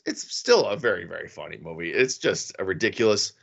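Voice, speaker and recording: A man co-hosting a podcast in a casual, profane, animated way, laughing often. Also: low voice, fairly quick, vocal fry, husky. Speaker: podcast co-host. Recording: dull lo-fi sound.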